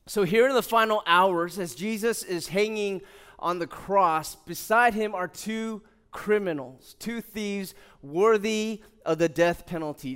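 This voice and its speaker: A man's voice: high-pitched, clean tone. A male pastor preaching a sermon in an earnest, conversational way, quoting scripture and telling everyday stories. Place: church hall.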